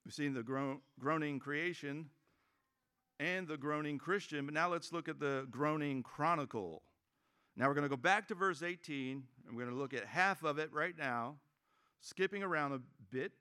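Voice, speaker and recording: A man's voice: fairly high pitch, normal speed, bright, forceful tone, clear, resonant tone. A man preaching a sermon as pastor, conversational and joking, acting out quoted voices.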